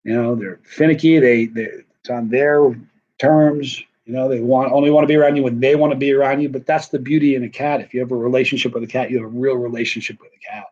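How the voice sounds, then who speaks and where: A man's voice: medium pitch, steady tone, fast talker, darkish tone, muffled recording. A middle-aged man chatting casually on a live stream, rambling and self-deprecating, worn out and wired at once. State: tired and wired. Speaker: vlogger answering live chat.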